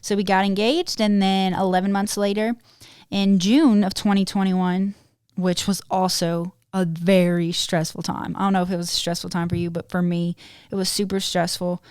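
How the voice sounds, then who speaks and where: A woman in her twenties hosting a podcast, telling a personal story in a lively, animated way and laughing often. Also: medium pitch, moderate pace, clean tone, no room sound, clean studio sound. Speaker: podcast host. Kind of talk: casual storytelling chat.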